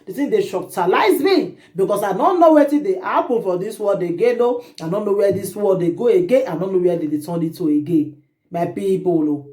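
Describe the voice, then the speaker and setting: A woman vlogger with a Nigerian Pidgin accent, telling a gossip story to her viewers in an animated, indignant way. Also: medium pitch, a little fast. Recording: roomy echo.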